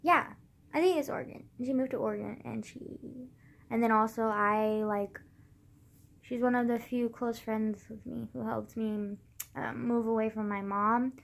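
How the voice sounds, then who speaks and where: A woman's voice: a little high, steady tone, normal speed, gravelly. Rambling teen girl vlogger. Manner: rambling, full of "like", swears freely. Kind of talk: casual vlog chat.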